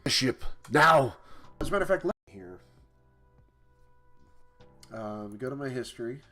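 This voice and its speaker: Very animated and a bit bright, a man who makes indie games livestreams in a mid-range voice at normal speed, rambling with fillers and restarts. He has no pop filter, his mic is off to the side, and faint music plays in the background.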